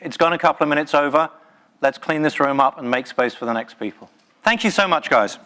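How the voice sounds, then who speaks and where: A man's voice: a little high, lively intonation, brisk, pushed and bright. A man giving a live talk at a tech conference, passionate and emphatic, with playful jokes to the room. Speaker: conference speaker.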